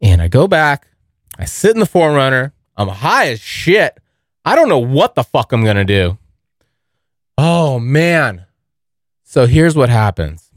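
A young man podcasting from a basement near a furnace rambles through a story full of swearing, treating his listeners as bros. His medium-pitched voice is very animated but a little slow, with long pauses, captured in a dry, clean studio sound.

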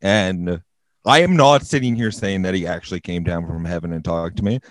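Young man, very low voice, dry close mic, swearing his way through a serious personal tale. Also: normal speed, no room sound, poor audio. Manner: profane, deadpan-serious storytelling. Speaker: podcast guest. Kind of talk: casual storytelling.

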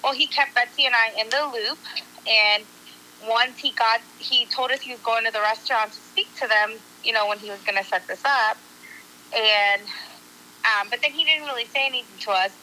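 A woman's voice: fairly high pitch, moderate pace, slight background noise, poor audio. A woman telling a story to a group of friends in a casual way, acting out what people said and swearing casually. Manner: animated, acts out quotes, swears casually.

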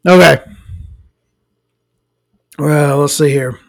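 गाली-भरी, हँसती हुई दक्षिणी अमेरिकी महिला होस्ट, सूखी आवाज़. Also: female voice, low voice, very slow, gravelly, dry recording, rough recording. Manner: profane, ranting, chuckles often. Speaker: podcast host. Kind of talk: casual podcast monologue. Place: at home with her dog.

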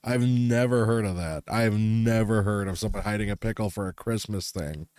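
A man's voice: fairly low pitch, moderate pace, a little mellow, dry recording, clean studio sound. A man co-hosting a casual holiday podcast chat, teasing his partner, swearing freely and laughing often. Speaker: podcast co-host.

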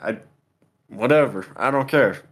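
A man's voice: mid-range voice, unhurried, slightly rough. Laid-back young man telling a story. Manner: laid-back, swears a lot, laughs often. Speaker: podcast co-host telling a story. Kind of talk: casual storytelling chat.

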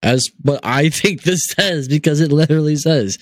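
A man's voice: fairly high pitch, moderate pace, dry recording. A young man hosting a podcast, joking and swearing through casual banter. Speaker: podcast host.

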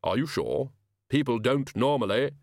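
A man voicing Death standing in as a gift-giver, speaking slowly and solemnly. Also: mid-range voice, animated, a little mellow, no echo, clean studio sound. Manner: slow, measured, solemn. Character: Death as a grave, slow male gift-giver.

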